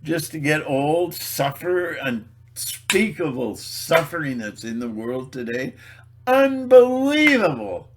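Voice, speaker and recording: A video blogger with a medium-pitched voice delivers a rambling solo monologue against a noisy background. He's sarcastic and mocking, laughs at his own jokes, and speaks haltingly, stumbling over repeated words and restarting.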